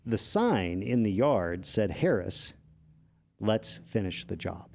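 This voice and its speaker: A man's voice: lowish voice, animated, slow pace, creaky, a little mellow. A man co-hosting a casual political talk show who has made political ads, analytical with wry asides. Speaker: podcast co-host, political ad maker.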